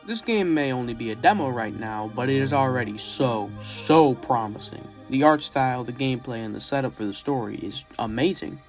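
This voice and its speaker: A man's voice: medium pitch, animated, moderate pace, few pauses, over music. A man giving casual, enthusiastic commentary as a gaming YouTuber walking through a horror game.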